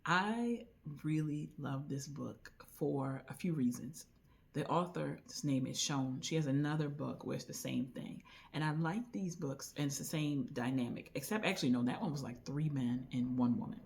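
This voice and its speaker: A woman recommending a book in a casual, chatty way, retelling the story with lively asides. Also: low-pitched, moderate pace, vocal fry, a little hiss or hum. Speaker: book reviewer.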